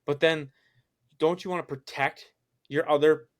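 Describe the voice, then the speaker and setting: A man's voice: fairly high pitch, fairly even intonation, a little slow. A young man co-hosting a casual sports podcast, heated and swearing as he retells conversations with friends. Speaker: podcast co-host.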